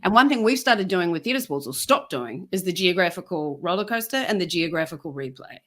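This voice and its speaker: A woman's voice: on the low side, animated, a little fast, a bit bright. A woman who performs solo theatre shows, chatting in a thoughtful, rambling way. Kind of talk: casual chat.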